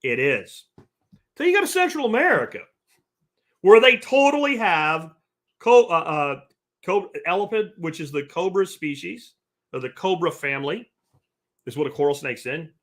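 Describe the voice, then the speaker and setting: A man's voice: on the high side, sing-song, moderate pace, pauses often, a bit bright. A man hosting a livestream podcast, reading chat comments aloud and answering them in a blunt, profane rant. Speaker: podcast host.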